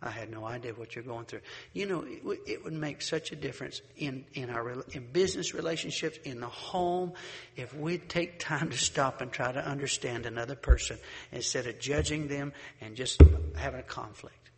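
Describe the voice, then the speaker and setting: A middle-aged man preaching a sermon, asking the congregation rhetorical questions and telling stories in a lively, conversational way. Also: medium pitch, normal speed, vocal fry, long reverb tail. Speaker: pastor.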